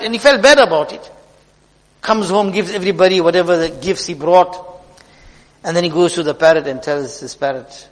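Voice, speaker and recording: A man's voice: high-pitched, sing-song, moderate pace. A man giving a sermon, telling a story earnestly and weaving in religious terms. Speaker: preacher. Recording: long hall reverb.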